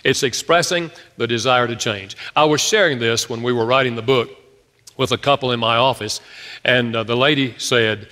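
A man's voice: mid-range voice, normal speed, sharp tone. A man, an author and speaker on relationships, telling stories in a talk and acting out the people he quotes. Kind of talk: storytelling talk. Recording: echoey hall.

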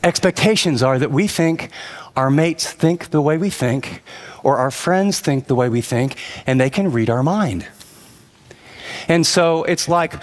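A middle-aged man preaching a sermon as pastor, telling a story from his marriage and then exhorting with rising intensity. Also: measured pace. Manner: earnest, storytelling preacher who rises in pitch when exhorting. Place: large church auditorium. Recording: long hall reverb.

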